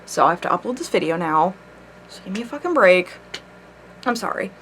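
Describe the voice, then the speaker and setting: A woman telling a personal story straight to her camera in a casual vlog, animated and full of swearing. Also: medium pitch, a little fast, noisy background. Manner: animated, swears a lot, laughs mid-story. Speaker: vlogger. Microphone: camera mic.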